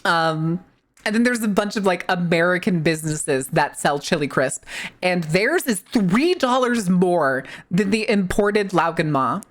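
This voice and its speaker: Vtuber lady yapping on stream, lowish voice but bouncing all over, cusses a lot, rambles. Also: unhurried. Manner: rambling, animated, swears freely, many "like" fillers. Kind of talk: casual live-stream chat.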